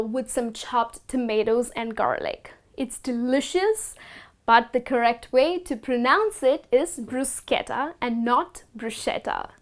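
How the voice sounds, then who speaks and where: A woman teaching the correct pronunciation of food words, speaking slowly and deliberately and repeating each word with care. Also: high-pitched. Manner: instructive, slow and deliberate, repeats words carefully. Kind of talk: scripted lesson to camera.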